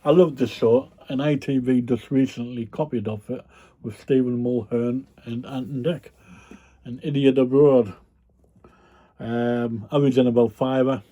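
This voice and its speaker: The reseller vlogger's medium-pitched voice is mellow and steady, his pace measured. Chatting casually with his audience about items he resells, he wanders from point to point, peppering his talk with ums and an occasional yawn.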